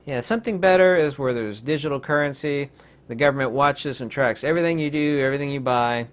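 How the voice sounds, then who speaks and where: A man's voice: medium pitch, quick pace, clean tone. A man hosting a rambling, sarcastic commentary video, full of digressions and mocking asides.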